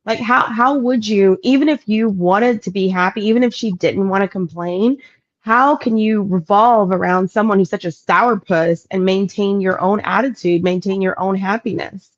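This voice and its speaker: A woman's voice: mid-range voice, normal speed. A woman from the United States co-hosting a casual recap chat, chatty and agreeable, backing up the other host. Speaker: podcast co-host. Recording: dull lo-fi call audio.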